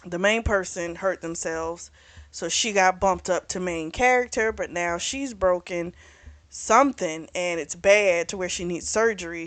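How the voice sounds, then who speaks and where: A woman casually recapping a romance novel for her book review channel, candid and chatty, swearing freely as she retells the scenes. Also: on the low side.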